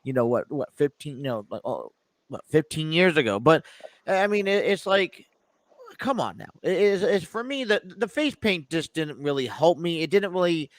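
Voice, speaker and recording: A man's voice: a little high, expressive, normal speed, dry recording. A man co-hosting a casual sports talk show, rambling with many restarts and hesitations. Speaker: co-host. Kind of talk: casual chat.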